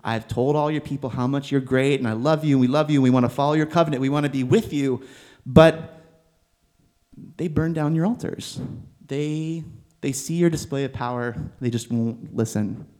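Weary prophet, pleading and exasperated, played by a preacher. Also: male voice, mid-range voice, normal speed, dark tone, natural voice. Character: Elijah, a weary, frightened male prophet.

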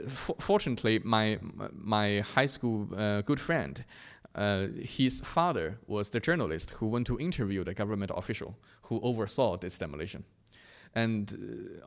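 A young man from China giving an earnest, reflective personal testimony, often pausing and restarting his sentences. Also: fairly low pitch. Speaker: speaker sharing his faith testimony.

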